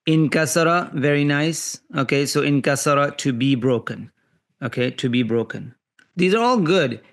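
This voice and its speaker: A man teaching an online class on verb forms, explaining patiently with examples and pausing often with fillers and restarts. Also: fairly high pitch, expressive, vocal fry. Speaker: Arabic teacher. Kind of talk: live online grammar class.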